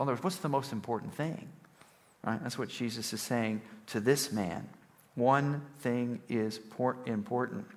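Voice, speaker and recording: A man preaching a conversational sermon, often checking in with "right?" and swinging between emphatic, louder passages and soft, low ones. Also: in a large hall. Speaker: pastor.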